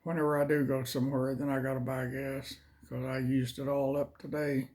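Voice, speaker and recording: A man reading scripture slowly and measuredly, then chatting casually as host. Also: medium pitch, flat delivery, a little mellow. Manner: slow, measured delivery. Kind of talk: Bible reading and casual chat.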